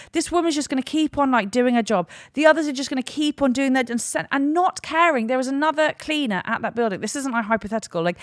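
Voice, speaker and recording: A young woman hosting a solo podcast, ranting in a sweary, animated way. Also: sits high, dry recording, clean studio sound. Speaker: podcast host.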